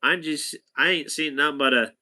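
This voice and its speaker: A gruff, halting rural man drawls from his trailer, as a storyteller quotes him. The voice stays fairly bright and close to the teller's own, only a touch higher. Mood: drawling.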